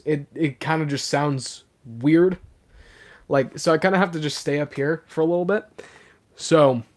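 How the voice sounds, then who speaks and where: A young man hosts his live stream, reading chat aloud and talking casually. Being sick has roughened his voice a little. He sits somewhat high in pitch and chatters eagerly with plenty of "um"s. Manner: chatty and excitable, full of fillers. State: sick, voice sounds rougher than usual.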